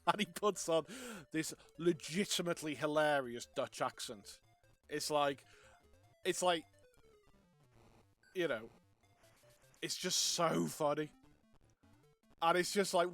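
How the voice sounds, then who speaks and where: A man's voice: fairly high pitch, slow pace, pauses often, a bit bright, soft background music. A young Welshman chatting casually while streaming a game, rambling with many restarts and laughs. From Wales.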